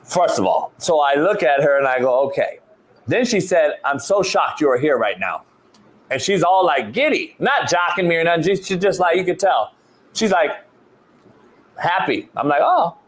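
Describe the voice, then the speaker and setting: A middle-aged male sports show host tells a long story in loose, casual talk. His voice sits a little high for a man, and he swears freely while restarting his words as he goes. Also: moderate pace. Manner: animated, profane, repeats and restarts words. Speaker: show host, football coach.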